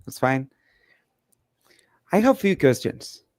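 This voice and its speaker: A man from India, hosting a webinar and asking curious, halting questions. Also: medium pitch, big pitch swings, a little mellow, no echo, clean studio sound. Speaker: webinar host.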